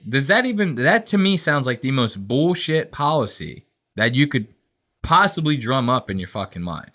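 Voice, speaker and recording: Podcast guy ranting and swearing, bright voice that jumps all over. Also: mid-range voice. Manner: profane, ranting, acts out quotes in voices. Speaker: podcast host. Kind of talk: casual podcast rant.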